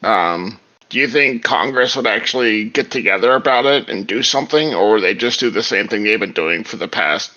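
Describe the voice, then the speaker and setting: A man's voice: lowish voice, animated, normal speed, bright, forceful tone, muffled recording. A man co-hosting a podcast, musing tentatively over a hypothetical. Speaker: podcast co-host. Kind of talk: casual political chat.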